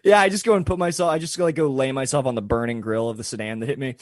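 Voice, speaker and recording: A man's voice: medium pitch, quick pace, no echo, clean studio sound. A young man telling a long story in casual podcast chat, full of fillers and swearing. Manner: rambling, filler-heavy, swears freely. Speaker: podcast co-host.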